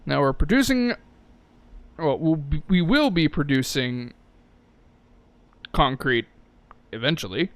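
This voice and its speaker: A man's voice: on the high side, animated, slow, long pauses. A man giving casual gameplay commentary, thinking aloud and correcting himself, with frequent swearing. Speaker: let's-play gamer.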